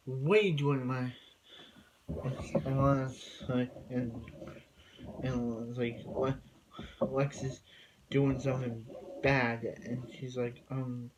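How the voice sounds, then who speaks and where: A man talks through a TV episode in a loose, rambling recap. He keeps circling back with fillers and restarts. His voice sits at an ordinary middle pitch. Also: a little hiss or hum, low-quality recording. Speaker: TV episode reviewer.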